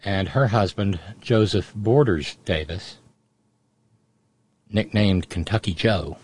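A man's voice: on the low side, slow pace, darkish tone, husky. A middle-aged man hosting a radio show, telling a family story in a rambling, digressive way. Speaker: radio host. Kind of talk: casual radio monologue.

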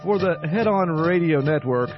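A man reading the news on radio in a steady, formal, scripted delivery. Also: on the high side, normal speed, faint music behind. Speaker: radio newsreader. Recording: dry, slightly muffled radio.

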